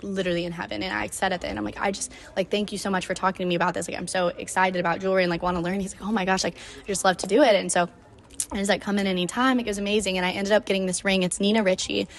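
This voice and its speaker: A young woman in her twenties hosting a solo podcast, telling a travel story in a gushing, casual way, filling her speech with "like" and dropping casual swears. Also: mid-range voice. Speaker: podcast host.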